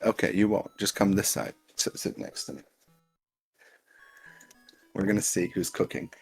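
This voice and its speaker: Very low, husky-voiced woman streamer. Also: moderate pace, faint music behind. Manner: playful and teasing, bursts into laughter, coaxing. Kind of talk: casual live-stream chat while playing.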